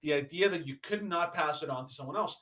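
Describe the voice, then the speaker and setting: A man's voice: fairly high pitch, fast talker, fairly bright tone, poor audio. A man co-hosting a podcast, ranting emphatically with indignation and lots of fillers. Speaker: podcast co-host. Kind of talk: opinionated podcast rant.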